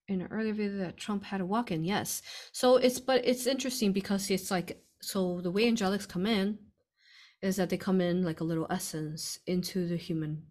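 Casual woman host, low-ish voice, laughs a lot, talks straight to viewers. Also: a little mellow. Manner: chatty, laughs often, addresses listeners as "you all". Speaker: spiritual channeler hosting a live stream. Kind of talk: casual spiritual talk answering viewer questions.

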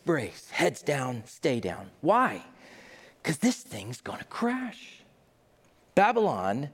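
Lively male preacher with a slightly high voice who acts out quotes in his sermon, recorded with a long hall echo. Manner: conversational and animated, acting out quotes. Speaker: pastor.

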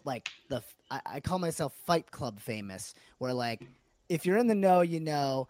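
A man's voice: a little high, expressive, a little mellow. A man in his forties from New Hampshire, a guest comedian telling stories in a casual podcast chat, laughing often and restarting his sentences. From New Hampshire, USA. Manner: chatty storyteller with quick restarts and frequent laughs.

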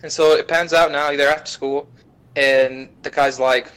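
A young man appears as a podcast guest, casually retelling an anime plot with lots of swearing and quick character voices. His voice is medium-pitched, clear, and resonant, though the recording quality is low.

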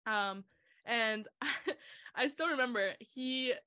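Female podcast host, bright voice, casual chat full of laughs. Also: fairly high pitch, drawn-out words, clear, resonant tone. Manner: laughing, chatty, shares her own stories.

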